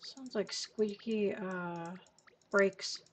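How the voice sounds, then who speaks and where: A woman streaming a cozy game late at night, murmuring slowly to herself as she plays. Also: medium pitch, steady tone, a little hiss or hum. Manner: slow, murmured talk to herself. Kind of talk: casual gameplay commentary. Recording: faint background music.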